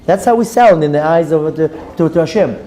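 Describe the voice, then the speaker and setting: A man's voice: fairly high pitch, a little fast, dark tone. A man, a rabbi giving an earnest sermon that urges his listeners on and mixes in Hebrew terms.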